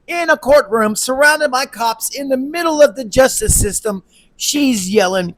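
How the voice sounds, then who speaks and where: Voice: mid-range voice, animated, measured pace, fairly bright tone. A show host chatting casually, laughing often and talking things through. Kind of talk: casual chat.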